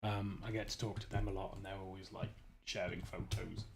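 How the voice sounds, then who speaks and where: A man's voice: sits low, little pitch movement, fairly quick, gravelly, slight background noise. A man from the United Kingdom hosting a livestream, chatting casually and rambling with frequent restarts while he builds. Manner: rambling, self-interrupting, chuckling. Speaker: livestream host.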